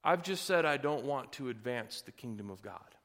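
A man's voice: mid-range voice, lively intonation, normal speed, fairly bright tone, long reverb tail. A man pastor delivering a sermon with folksy asides, building to emphatic, rising passages.

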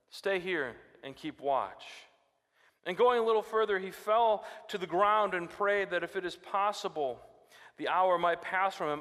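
A man preaching from the pulpit in a high, ringing voice. He reads scripture with rising drama and then drops low for personal asides. The sound carries a long hall reverb. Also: normal speed, a bit bright. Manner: dramatic, rises sharply when quoting scripture. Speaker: pastor. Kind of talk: sermon.

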